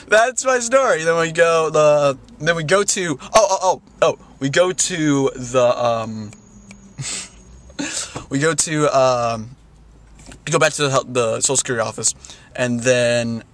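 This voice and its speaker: A man's voice: on the high side, takes it slowly, long pauses, fairly bright tone. A young man telling a rambling story in a casual vlog, full of "like" and "you know", often laughing. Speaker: vlogger.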